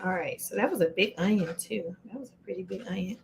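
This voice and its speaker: Speaking quickly at a medium pitch with some vocal fry, this woman runs a casual live cooking stream in her home kitchen, faintly overlaid by background noise. Chatty as she chops, she greets viewers by name.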